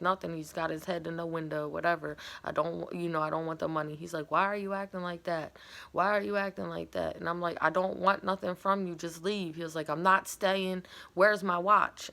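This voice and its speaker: A woman with a gravelly, creaky voice and a bright, forceful tone, talking casually and at length. She wanders through her story candidly, leaning on fillers. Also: fairly low pitch. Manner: candid, rambling, filler-heavy retelling. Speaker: vlogger.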